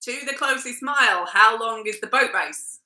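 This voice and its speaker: A woman runs a family quiz, reading questions and scores in a brisk, businesslike way. Her voice is very bright and a touch high. The room around her is echoey. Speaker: quiz host. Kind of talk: family online quiz hosting.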